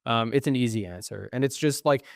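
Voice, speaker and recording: This young adult podcast co-host tells stories in casual chat, quoting other people and swearing often. His medium-pitched voice is brisk and gravelly, captured in clean studio sound with no echo.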